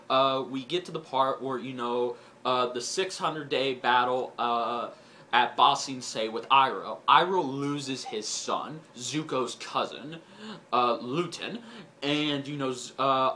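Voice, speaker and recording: A man casually reviewing a book and excitedly retelling its twists, leaning heavily on "you know" fillers. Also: on the high side, slight background noise.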